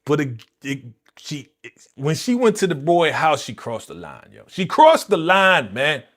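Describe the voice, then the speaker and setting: A man hosting a live movie reaction stream, talking in a slangy, animated way and exclaiming his disapproval, often repeating himself and speaking straight to his viewers. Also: mid-range voice, normal speed. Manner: slangy, addresses viewers directly. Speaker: reaction channel host.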